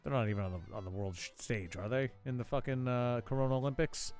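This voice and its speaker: A man's voice: medium pitch, fast talker, darkish tone, soft background music. A man hosting a live call-in talk show, riffing on news headlines with sarcastic, profane, mocking asides. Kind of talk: casual comedic news riff.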